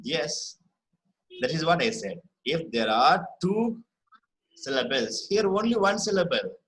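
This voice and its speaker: Bright-voiced man teaching spelling rules. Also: fairly high pitch, animated, low-quality recording. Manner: explains patiently, repeats words slowly, checks with "right?". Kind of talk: online classroom lesson.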